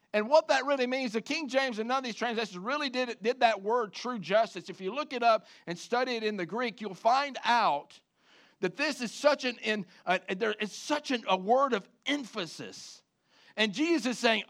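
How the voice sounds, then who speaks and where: A man's voice: extremely high pitch, normal speed. A male pastor delivering an emphatic sermon to a congregation in church. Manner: emphatic, rising to loud preaching.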